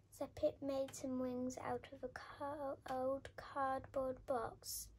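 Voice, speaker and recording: A woman reading a children's picture book aloud with expressive, lively storytelling. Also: high voice, slow pace, hardly any pauses, a little hiss or hum. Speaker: storybook reader.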